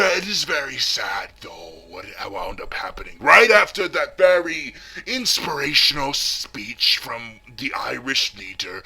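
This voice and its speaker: A man playing a pompous, self-pitying heavyset villain who vlogs, talking theatrically and swinging between hushed whispers and shouts. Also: fairly high pitch, creaky, breathy edge, full character voice. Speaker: comic villain vlogger. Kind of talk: parody character vlog.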